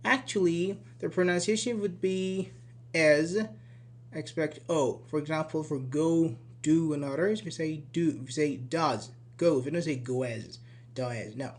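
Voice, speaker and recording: A man's voice: a little high, fairly even intonation, a little slow. A man teaching English spelling rules from slides, with Persian as his first language, repeating word pairs and checking in with "okay" and "uh-huh". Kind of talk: slide-based grammar lesson.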